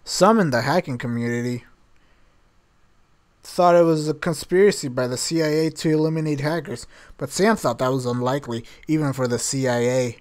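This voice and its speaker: A man's voice: medium pitch, moderate pace, darkish tone. A man reading a novel aloud on a stream, breaking off for wry, chatty asides and laughing at the text. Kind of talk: casual read-aloud with joking asides.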